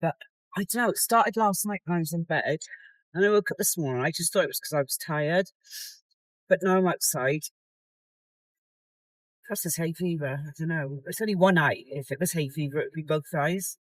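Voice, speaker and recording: A middle-aged woman chats casually to her phone camera, rambling and open, sometimes dropping soft and tired. Her voice sits close and dry, with no room sound around it. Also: deep voice, fairly quick, pauses often, no room sound, poor audio. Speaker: competitor vlogging her contest prep. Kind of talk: casual vlog chat. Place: in a car.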